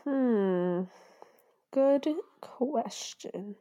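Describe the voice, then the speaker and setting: A young woman co-hosts a fan podcast with a slightly high voice. She gushes and squeals in casual chat and laughs often. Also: drawn-out words, mellow. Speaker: podcast co-host.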